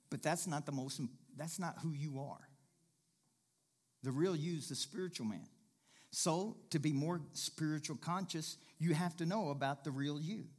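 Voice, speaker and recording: A man's voice: on the high side, measured pace, pauses often. Man preaching a folksy, emphatic sermon. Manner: preaching with rising emphatic bursts and repetition; folksy, jokes with the congregation and laughs. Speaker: pastor.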